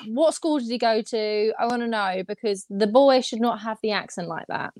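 A woman's voice: a little high, moderate pace, a little mellow, no echo. A woman with an English accent, co-hosting a podcast and arguing her point emphatically. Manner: indignant, emphatic. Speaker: podcast co-host. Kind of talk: casual podcast chat.

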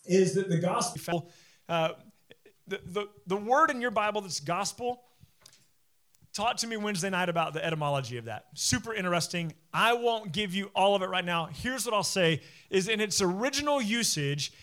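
A man's voice: high-pitched, a bit bright. A man preaching a sermon as pastor, conversational and digressive, with joking asides and explanations of word meanings.

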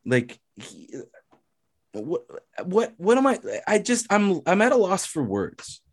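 Ranting podcast host, dry close sound. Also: male voice, high voice, wildly swooping pitch, slow pace, no echo. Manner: heated ranting, swearing, repeating himself. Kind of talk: casual sports podcast chat.

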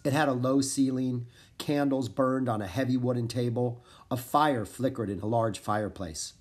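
A man's voice: mid-range voice, normal speed. A man reading a children's chapter book aloud as narrator, acting out the characters' lines. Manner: expressive, acts out the characters' lines. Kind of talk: storybook read-aloud.

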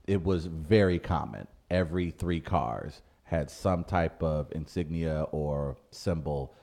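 A man co-hosting a casual podcast chat, lively and quick to mimic people in put-on voices. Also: very deep voice, creaky. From St. Louis area. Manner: lively, jumps into exaggerated put-on voices for quotes. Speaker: podcast co-host.

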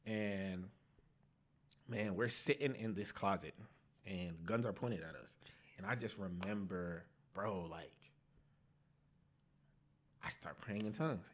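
A young man on a podcast, telling his life testimony in casual slang, animated and laughing at himself. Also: low-pitched, slow pace, long pauses. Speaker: podcast guest.

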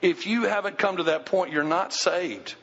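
A man's voice: sits high, normal speed, gravelly, fairly bright tone, long reverb tail, dull audio. A male pastor preaching a sermon, speaking emphatically and putting questions to the congregation. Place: church sanctuary.

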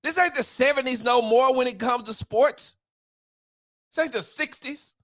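A man's voice: extremely high pitch, moderate pace, a bit bright. A man hosting a solo sports podcast, ranting in a heated, emphatic way with casual slang.

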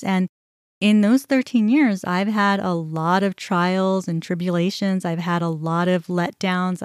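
A woman's voice: mid-range voice, a little mellow, no echo, studio quality. A middle-aged woman hosting a podcast, telling a personal story in a candid, conversational way with many fillers. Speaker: podcast host.

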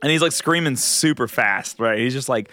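A man hosting a casual podcast who recaps a game excitably, laughing a lot and swearing. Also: mid-range voice, moderate pace, faint music behind.

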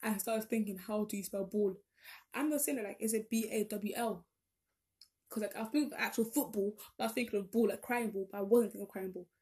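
A woman's voice: mid-range voice, fast, warm tone. A young woman, chatting casually and rambling as she corrects herself along the way. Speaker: vlogger. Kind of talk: casual chat.

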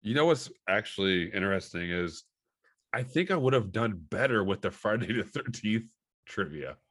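Easygoing male podcast host, fairly low voice, dry close sound. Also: lively intonation, moderate pace, a bit bright, no room sound. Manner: easygoing, rambling with fillers. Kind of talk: casual chat.

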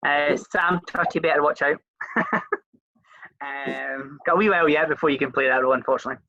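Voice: mid-range voice, fairly even intonation, a little fast, bright, forceful tone, lo-fi sound. A Scottish interview host chatting casually, rambling a little with fillers and restarts.

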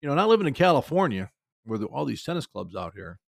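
A man's voice: mid-range voice, sing-song, fast talker, creaky, no room sound. A man from Iowa hosting a storytelling show, chatty and playful, poking fun at himself. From Iowa, USA. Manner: chatty, playful, self-mocking humor with quoted dialogue. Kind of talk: casual spoken storytelling.

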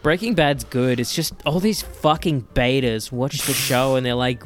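A man in a casual chat, rambling and profane, with animated quick impressions. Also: medium pitch, faint music behind.

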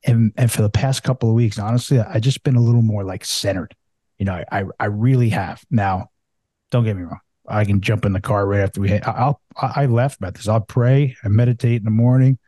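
A man's voice: on the low side, a little fast, warm tone, no echo, clean studio sound. A man talking candidly in a casual podcast conversation, swearing freely and using lots of fillers. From United States. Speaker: podcast guest.

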